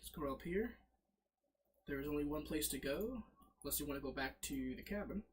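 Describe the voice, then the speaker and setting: A man's voice: on the high side, moderate pace. A man casually narrating as game master, fumbling with his setup and correcting himself as he goes. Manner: lively, fumbling with slides, self-correcting.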